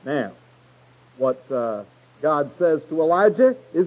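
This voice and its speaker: A man's voice: fairly high pitch, big pitch swings, slow, long pauses, darkish tone, slightly rough, poor audio. A man teaching verse by verse through a Bible passage, stressing key words emphatically and retelling the stories in a folksy way.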